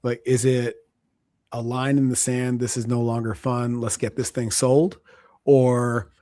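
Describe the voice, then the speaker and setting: A man's voice: medium pitch, flat delivery, measured pace, mellow, no room sound, clean studio sound. A male podcast host who asks reflective questions with sighs and offers frequent short murmurs of agreement. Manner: reflective, sighing, gives many short backchannels. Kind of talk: casual interview.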